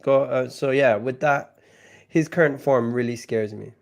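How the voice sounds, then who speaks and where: A man hosting a casual football talk show, sounding sick and nasal, talking haltingly with many restarts. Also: mid-range voice, creaky. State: sick, nasal and deeper than usual. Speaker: football channel host.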